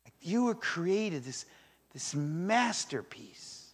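An older male pastor delivers a sermon to a room full of people, with a voice sitting a little high for a man. He tells his story with animated energy and acts out the voices of the people in it. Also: slow, breathy edge. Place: church in front of a congregation.

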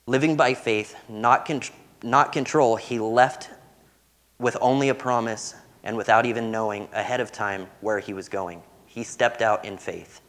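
A young man preaching a sermon, earnest and warm-humored as he tells stories. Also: medium pitch, steady tone, a little slow.

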